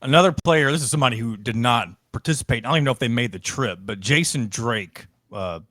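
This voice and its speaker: A man's voice: medium pitch, fast, bright, forceful tone, no room sound, clean studio sound. A man hosting a sports podcast, setting up topics and asking questions in casual chat. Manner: leads with questions, sets up topics. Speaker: podcast host.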